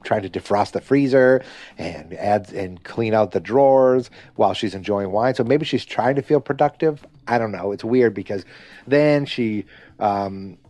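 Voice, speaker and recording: A man's voice: on the low side, warm tone, no echo. A man hosting a podcast, recapping a TV episode in a casual, rambling way with many fillers and restarts, briefly acting out characters' lines. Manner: acts out characters' lines in quick asides. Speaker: podcast host.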